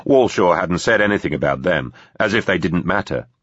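Deep, husky male narrator. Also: expressive, fairly quick, fairly bright tone, no room sound, lo-fi sound. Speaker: audiobook narrator. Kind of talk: scripted narration.

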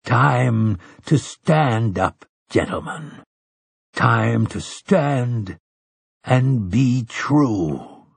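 A man's voice: mid-range voice, sing-song, normal speed, breathy edge, no room sound. A man voicing an old male priest who speaks patiently and earnestly in a storybook reading. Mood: solemn.

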